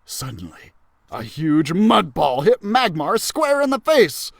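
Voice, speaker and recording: A man reads a children's story aloud with lots of bounce, his voice rising and falling through each sentence. He sits on the high side and takes it unhurried. The sound is close and dry. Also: vocal fry, no echo. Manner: animated, expressive storytelling. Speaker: children's librarian reader.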